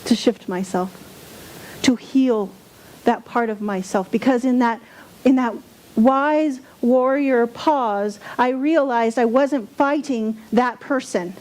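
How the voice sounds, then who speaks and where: A woman's voice: fairly high pitch, takes it slowly, darkish tone. Candid woman giving a sermon. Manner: candid, self-deprecating storytelling with mocking quoted outbursts. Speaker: spiritual speaker.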